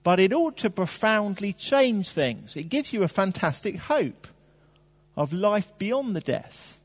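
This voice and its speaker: A man preaching a sermon in a conversational, animated way, with fillers and rhetorical questions. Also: sits high, measured pace, big-room sound.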